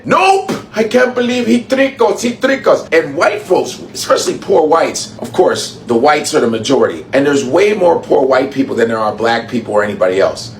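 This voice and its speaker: A man rants through a profane political commentary, mocking and heated, with his pitch leaping around. His voice sits a little high, and an echoey room rings around it. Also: slight background noise.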